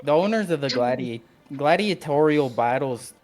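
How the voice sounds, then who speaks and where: A big, hairy, good-natured bugbear and ex-gladiator, as a man puts him on, folksy and easygoing, with a Canadian accent. The voice sits at a middling pitch. Faint background music plays under the tabletop game. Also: expressive, normal speed, darkish tone, natural voice. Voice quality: folksy, says "bud" and "don't you know". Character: hairy friendly male bugbear runaway gladiator.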